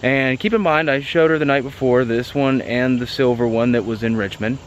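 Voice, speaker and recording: A man vlogging about a car, telling a story to the camera in a chatty, excitable way with lots of fillers. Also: mid-range voice, normal speed, highs cut off, a little hiss or hum.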